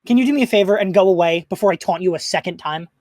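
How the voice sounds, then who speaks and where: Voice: medium pitch, rapid-fire, darkish tone, close to an everyday voice. A gamer putting on a haughty taunting French guard. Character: taunting French castle guard from a film comedy.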